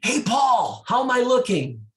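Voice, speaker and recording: A man's voice: a little high, normal speed, voice pushed up, natural voice. Man putting on a chirpy eager young woman.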